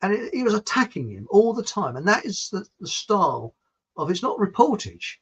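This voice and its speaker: A man's voice: sits high, big pitch swings, moderate pace, fairly bright tone, breathy edge. A man hosting his own channel, giving a blunt, digressive opinion monologue with frequent restarts and some mild swearing. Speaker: channel host. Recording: dull lo-fi recording.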